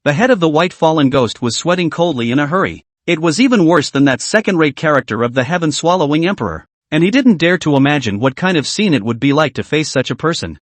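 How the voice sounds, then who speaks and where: A man narrating a comic story recap in a scripted, expressive reading. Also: on the high side, quick pace, hardly any pauses, no room sound.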